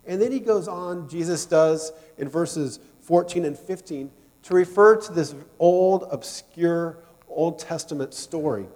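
Male pastor with a slightly high voice, a conversational sermon delivery, and long church reverb. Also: moderate pace, darkish tone. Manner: conversational, asks questions of the congregation.

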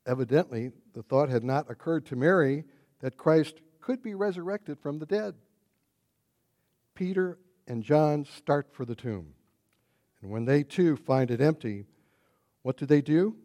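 Preacher man with a slightly high voice. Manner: builds to loud exclamations. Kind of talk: Easter sermon.

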